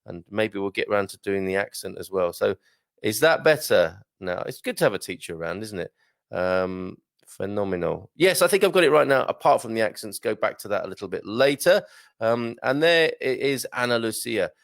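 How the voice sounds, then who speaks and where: British guy hosting a live chat, gravelly voice, lots of ums, jokey, dry close sound. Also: on the low side, sing-song, moderate pace, fairly bright tone, dry recording. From Britain. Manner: chatty, hesitant with many ums, joking. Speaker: livestream host reading viewer comments.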